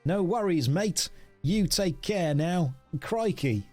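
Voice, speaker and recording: Brief: streamer doing a chirpy, slangy Australian NPC, pitched up, faint music behind. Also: male voice, lively intonation, slow pace, a little mellow, heavily acted. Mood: cheery. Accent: put-on Australian. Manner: exaggerated slangy drawl, reading NPC lines aloud. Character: cheery Australian museum man, game NPC.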